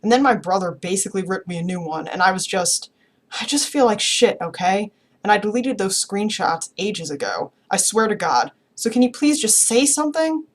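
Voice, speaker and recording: Brief: a woman voicing a remorseful teen boy, halting and pleading, read from a novel. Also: mid-range voice, animated, close to an everyday voice. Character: remorseful teenage boy apologizing.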